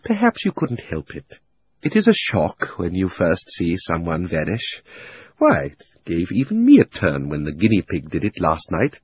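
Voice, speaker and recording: A man's voice: deep voice, huge pitch swings, a little mellow, husky, full character voice. A man voicing a sly, greedy old magician uncle. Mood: wheedling. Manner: wheedling and sinister, drawn-out words. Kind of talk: audiobook reading.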